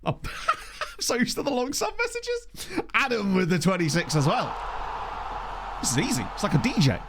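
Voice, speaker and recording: A man's voice: high voice, big pitch swings, moderate pace, vocal fry, background noise. A man hosting a casual livestream, jokey and self-mocking, laughing often into a desktop microphone. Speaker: streamer and game host. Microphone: desktop USB microphone.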